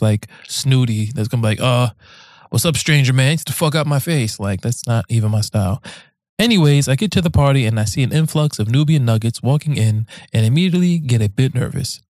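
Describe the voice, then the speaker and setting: A man's voice: mid-range voice, warm tone, no room sound. A man hosting a podcast, reading listener emails aloud in a loose, slangy way with frequent swearing and joking asides.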